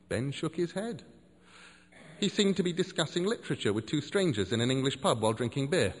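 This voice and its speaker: A man narrating a story in an expressive, wry way. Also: on the high side, brisk, slightly rough, in a large hall.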